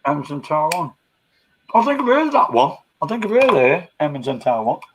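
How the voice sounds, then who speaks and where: A man's voice: fairly high pitch, sing-song, fairly quick, background noise. A man hosting a casual live-stream chat, bantering with coarse slang and laughing often.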